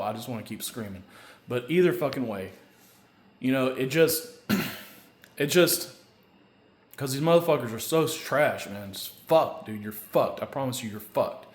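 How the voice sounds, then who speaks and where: A man pours out a long, heated, foul-mouthed monologue, looping back to the same filler question again and again. His voice sits at an ordinary mid pitch and carries a roomy echo. At its peaks the anger breaks into shouting. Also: lively intonation, normal speed. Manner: angry, profane, repeats a stock filler question; builds to loud shouting at times. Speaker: vlogger. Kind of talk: rambling solo rant to camera. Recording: echoey room.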